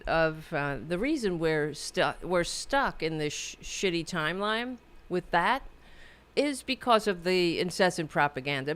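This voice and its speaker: A woman's voice: fairly low pitch, a bit bright. A woman hosting a political podcast, rambling through sarcastic commentary with many restarts. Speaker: podcast host.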